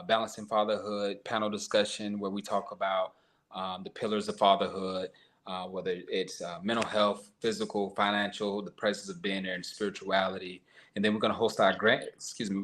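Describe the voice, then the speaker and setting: Guest on a live-stream talk, man, low voice, earnest, filler-heavy. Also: fairly bright tone, a little hiss or hum.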